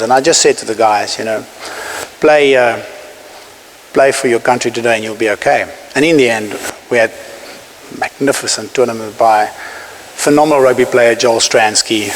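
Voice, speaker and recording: A South African man in his forties giving an inspirational keynote speech, telling a story emphatically with pauses for effect. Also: medium pitch. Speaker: keynote speaker. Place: large conference hall. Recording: hissy hall recording, echoing.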